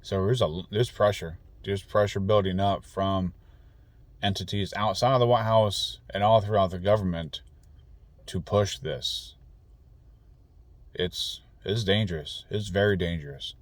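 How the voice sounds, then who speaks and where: A man's voice: deep voice, fairly even intonation, a little slow, no echo. A man delivering an angry, profane, rambling political rant full of restarts. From United States. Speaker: political commentator. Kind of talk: ranting monologue.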